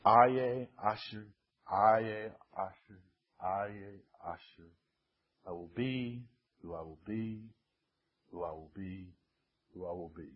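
A man voicing God as a solemn divine voice that speaks in a low, hushed, repetitive chant. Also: animated, slow, pauses often, breathy edge, dull audio.

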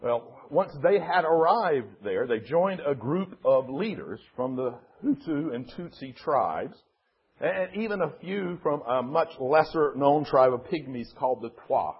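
A man preaches a sermon as a pastor, earnest and emphatic as he tells a story. His voice is husky and slightly high, with lively, animated pitch. The recording sounds dull and lo-fi. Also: unhurried.

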